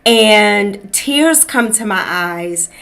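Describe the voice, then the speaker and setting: A middle-aged woman talks at an unhurried pace, letting her words settle as she tells her own story. Her pitch sits in an ordinary middle range, and she speaks straight to her listeners as a podcast host. She keeps to personal testimony and casual talk. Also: expressive, creaky, a bit bright, smooth. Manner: slow, reflective storytelling, calling listeners beloved.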